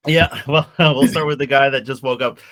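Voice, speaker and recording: A man chatting casually on an online panel, relaxed and halting with many fillers. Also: mid-range voice. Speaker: podcast panelist. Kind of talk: casual chat.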